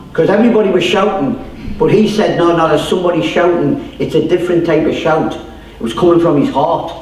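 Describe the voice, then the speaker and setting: A man's voice: fairly high pitch, slight background noise. Geordie man, chatty storyteller preaching a testimony, recorded far off in a very reverberant room. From North East England. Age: 30s or older. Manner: chatty storytelling, acts out voices, many fillers. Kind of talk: informal testimony sermon. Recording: echoey room, distant mic.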